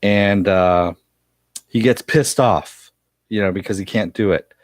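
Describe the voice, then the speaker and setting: Male reviewer, lower register, dry close sound, casual rambling recap. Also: unhurried, no echo. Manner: chatty, loose retelling with frequent uh fillers and mild profanity. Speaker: TV series reviewer.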